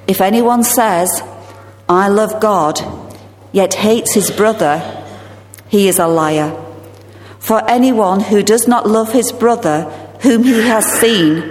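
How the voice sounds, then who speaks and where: A woman reading a Bible passage aloud in a church, measured and phrase by phrase. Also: medium pitch, darkish tone. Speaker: scripture reader. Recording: roomy church echo with long reverb.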